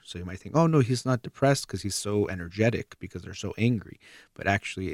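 A man giving steady, earnest parenting advice in a calm explanatory monologue, like a counselor. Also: deep voice, dry recording, clean studio sound.

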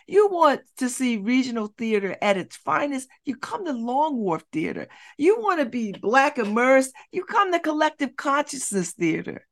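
A woman's voice: on the high side, fairly bright tone. A woman hosting a community radio show, talking bluntly and preachily with rhetorical questions. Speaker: radio host. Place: radio studio.

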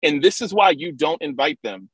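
Animated joking man on a call. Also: a little high, husky, no echo, rough recording. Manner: animated, joking, playacts others in quick asides. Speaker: podcast co-host. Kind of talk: casual chat. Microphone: video call.

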